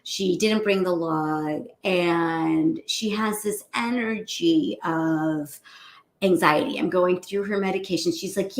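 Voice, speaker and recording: A woman cardiologist telling a patient's story to a group, animated and chatty. Her voice has a gravelly edge, and the room around her is echoey. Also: fairly low pitch, slow pace. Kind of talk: casual morning talk to a group.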